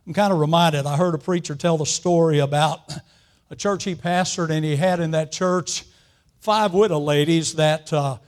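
A man with a high voice preaches a sermon in an unhurried, folksy storytelling manner. He lingers on words with long pauses and often clears his throat. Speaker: pastor.

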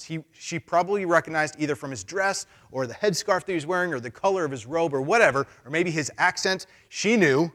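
A male pastor giving a casual, animated sermon, acting out voices as he goes. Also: a little high, normal speed. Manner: animated, conversational, acts out voices.

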